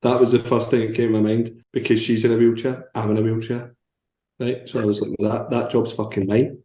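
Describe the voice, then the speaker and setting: A frank man tells stories in casual podcast chat, laughing often. His mid-pitched voice rings in an echoey room. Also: level tone, fairly quick, mellow. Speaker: podcast co-host, journalist. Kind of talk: casual storytelling.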